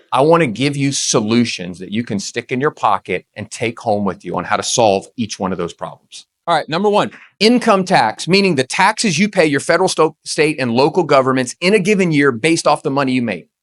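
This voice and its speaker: A man giving a motivational presentation on real estate tax strategy, with a punchy, emphatic, rapid-fire delivery. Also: medium pitch.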